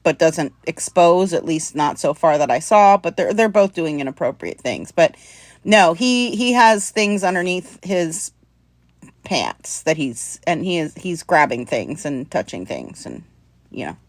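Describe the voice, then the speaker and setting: A woman's voice: low-pitched, sing-song, unhurried, no echo. A woman hosting a live stream, talking earnestly and conversationally and thanking her viewers. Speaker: livestream host.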